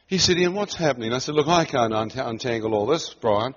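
In muffled, lo-fi audio, a middle-aged Kiwi preacher spins a personal story with lots of laughter, performing the quoted lines in character. His husky, mid-range voice moves fairly quickly and stays animated throughout.

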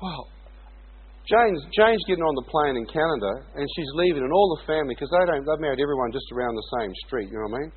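Over phone-quality sound, a man with a New Zealand accent shares a personal testimony in a chatty manner, laughing often and asking "you know what I mean." His voice is a little high, slightly rough, fast, and lively in intonation.

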